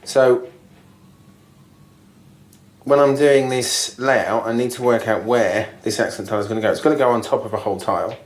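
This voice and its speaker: A man's voice: fairly low pitch, fast talker, few pauses, a little mellow, roomy sound. A man casually explaining bathroom tiling step by step, thinking aloud with ums and restarts. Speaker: DIY video host. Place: bathroom being refurbished, indoors. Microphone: camera mic, moving around the room.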